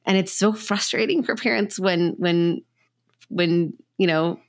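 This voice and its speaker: A woman hosting a parenting podcast, talking casually and acting out other people with animated energy. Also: on the low side, measured pace. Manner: warm-hearted agreeing, animated when acting out others. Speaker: podcast host.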